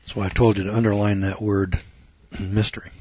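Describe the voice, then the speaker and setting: Husky, folksy lawyer lecturing on scripture. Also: male voice, fairly low pitch, flat delivery, a little fast, warm tone, no echo. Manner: folksy, sarcastic, storytelling. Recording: dull lo-fi recording.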